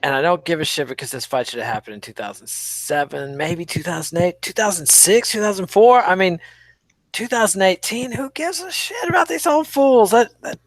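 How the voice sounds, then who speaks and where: A man's voice: on the high side, fairly quick, no room sound. A man co-hosting a podcast in casual chat, giving sardonic, wordy rants about fighters. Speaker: podcast co-host.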